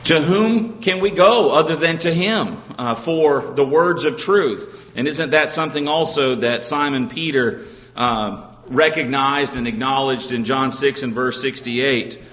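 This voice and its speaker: Earnest preacher in an echoey hall. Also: male voice, mid-range voice, a little slow, a bit bright. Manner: earnest, rhetorical questions, reads scripture aloud. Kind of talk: sermon.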